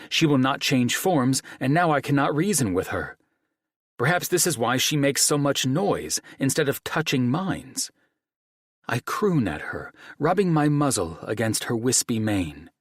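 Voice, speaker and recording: Brooding possessive male dragon, read by a man; husky, animated delivery, dry booth sound. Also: medium pitch, dry recording, exaggerated voice. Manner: grave, measured, formal phrasing. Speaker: audiobook narrator. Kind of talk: first-person audiobook narration.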